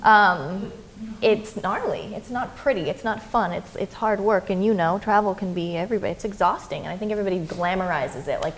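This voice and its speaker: Animated young woman telling stories. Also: mid-range voice, brisk. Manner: animated storyteller, acts out quotes. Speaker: interview guest, adventurer and filmmaker. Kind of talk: casual interview talk.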